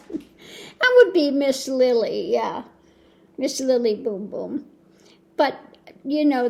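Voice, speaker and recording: An older woman rambling about her day in a casual, chatty way, with soft laughs here and there. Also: high-pitched. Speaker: tarot reader and vlogger. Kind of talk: casual chat.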